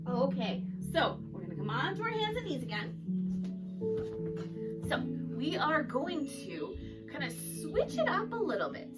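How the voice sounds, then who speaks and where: A woman leading a kids yoga class, playful and sing-song as she guides the poses. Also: sits high. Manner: playful, sing-song storytelling with animal sounds. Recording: distant mic with loud background music.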